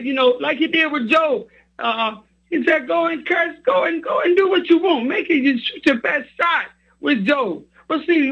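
A man's voice: very high voice, highs cut off. A man preaching a sermon, reading scripture and repeating his points with emphasis.

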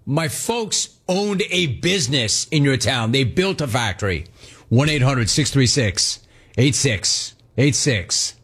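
A man hosting a sports radio call-in show, brash, playful and fast-talking. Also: mid-range voice, expressive, a bit bright, breathy edge.

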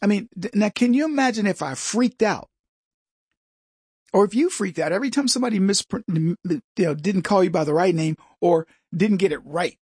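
A man's voice: sits high, fairly quick, darkish tone, husky, no room sound, clean studio sound. A man hosting a commentary show, talking in a rambling way and mimicking voices in his anecdotes. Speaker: show host. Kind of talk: opinionated commentary.

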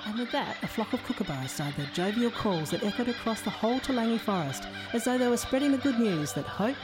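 A woman's voice: on the high side, lively intonation, fast. A woman narrating a children's story in a storybook manner. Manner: warm storybook reading.

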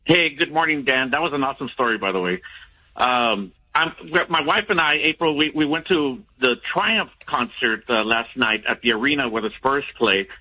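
A man's voice: mid-range voice, lively intonation, normal speed, bright, forceful tone. A man calling into a sports radio show, rambling and restarting his sentences. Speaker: caller. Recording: dull phone-in audio.

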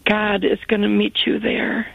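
A woman calling in to a radio show, speaking earnestly and gratefully in a halting way. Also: mid-range voice, monotone, creaky, husky, dry recording. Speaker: caller. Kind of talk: emotional call-in testimony. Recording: tinny phone line.

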